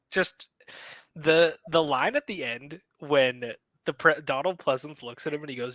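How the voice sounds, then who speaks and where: A young man on a casual film podcast, his voice bright and forward. He talks excitably, swears freely and laughs as he retells scenes, recorded dry and close. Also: on the high side, unhurried, no echo, rough recording. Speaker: podcast co-host.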